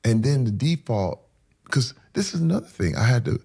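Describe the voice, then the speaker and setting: A man opening up as an interview guest, earnest and emphatic, leaning on repeated phrases to drive each point home. His voice is gravelly, with a husky edge, and he now and then sinks into a near whisper. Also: medium pitch, very animated, normal speed. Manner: drops to a hushed whisper at moving moments. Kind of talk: candid personal storytelling.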